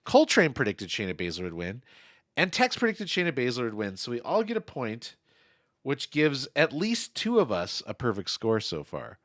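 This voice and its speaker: A man's voice: medium pitch, wildly swooping pitch, moderate pace, a bit bright, no echo, studio quality. A man hosting a casual podcast, moving the talk along and giving his opinions. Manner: chatty, runs the segments. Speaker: podcast host. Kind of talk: casual chat.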